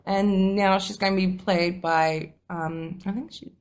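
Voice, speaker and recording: A woman's voice: mid-range voice, fairly even intonation, unhurried. A woman co-hosting a casual podcast who gushes, swears freely and often trails off mid-thought. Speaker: podcast co-host.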